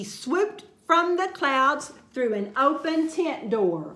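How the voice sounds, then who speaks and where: Expressive woman reading a picture book. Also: high voice, extremely slow, hardly any pauses. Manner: expressive, sing-song rhyming delivery. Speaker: children's storyteller. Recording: roomy echo.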